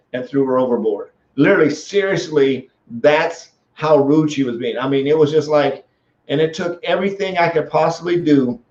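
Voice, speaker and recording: Animated man telling stories in an echoey room. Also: a little high. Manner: animated storytelling with many restarts. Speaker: host. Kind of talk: casual live-stream talk. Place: small office room. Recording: echoey room, dull lo-fi sound.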